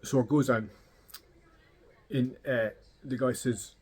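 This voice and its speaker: A man's voice: medium pitch, steady tone, slow pace, darkish tone, breathy edge. A middle-aged Scottish man telling casual, swearing anecdotes and acting out the dialogue. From Scotland. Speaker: vlogger. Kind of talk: casual storytelling.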